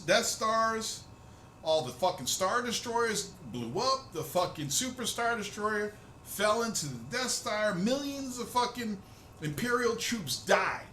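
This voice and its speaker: A man hosting a profane, excitable fan rant, loud and swearing freely. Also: high-pitched, echoey room, slight background noise. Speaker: host of a rant video.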